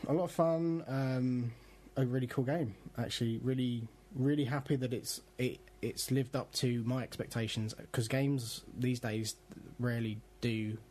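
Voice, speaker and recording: A man's voice: mid-range voice, steady tone, unhurried, few pauses, darkish tone. A man co-hosting a casual podcast, rambling with lots of fillers and restarts. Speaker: podcast co-host.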